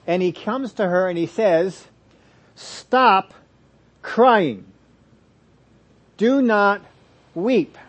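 A man preaching a sermon, explaining scripture and moving between loud emphasis and soft asides. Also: sits high, slightly rough, muffled recording. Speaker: pastor.

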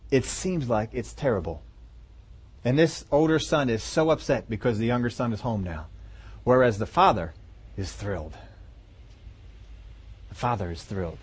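A man's voice: medium pitch, slightly rough. A man preaching a sermon in a conversational way, asking the listeners rhetorical questions. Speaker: pastor.

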